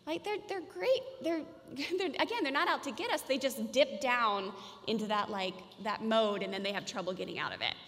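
A woman's voice: a little high, animated, normal speed, a bit bright. A woman giving a casual parenting workshop to parents, chatty and informal, often saying "like" and "you guys.". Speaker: parenting educator. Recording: reverberant hall.

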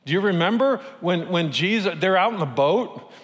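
A pastor preaching a sermon, telling stories and asking rhetorical questions. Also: male voice, high voice, normal speed, long reverb tail. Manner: lively storytelling with rhetorical questions.

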